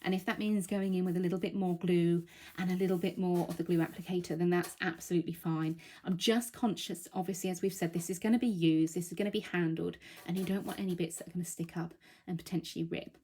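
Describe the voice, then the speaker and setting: A woman with a fairly low, dark voice talks quickly in a steady tone while running a live craft demonstration. Still recovering from illness, she's a bit out of breath, yet she stays chatty and reassuring, thinking aloud with plenty of ums.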